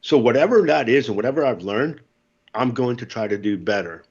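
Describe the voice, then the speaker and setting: A man in his fifties from the United States, a podcast guest telling lively war stories and acting out the voices. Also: medium pitch, a little fast, husky, highs cut off. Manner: animated storyteller, acts out voices, laughs often. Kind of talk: casual storytelling.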